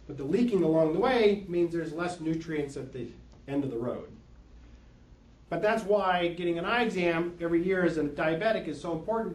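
A man who works as an eye doctor, patiently explaining lenses and eye health with everyday comparisons. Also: on the high side. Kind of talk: explaining to an audience. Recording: echoey room, mic from far off.

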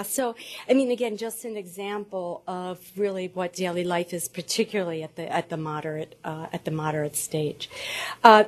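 A woman researcher giving a lecture presentation. She cites statistics in a measured way and pauses now and then to work her slides. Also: on the low side. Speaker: dementia care researcher presenting.

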